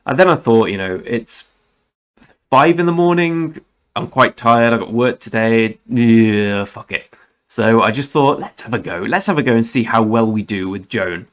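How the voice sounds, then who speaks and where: A man's voice: mid-range voice, lively intonation, normal speed. A young man hosting a gaming channel, talking casually and rambling through game commentary, often correcting himself and swearing now and then. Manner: rambling, self-correcting, chatty with mild swearing.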